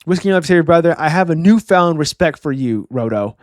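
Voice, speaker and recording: A man's voice: fairly high pitch, lively intonation, fast, no echo, clean studio sound, lightly acted. A man doing a blunt female giant warrior. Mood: grudging. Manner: curt, blunt.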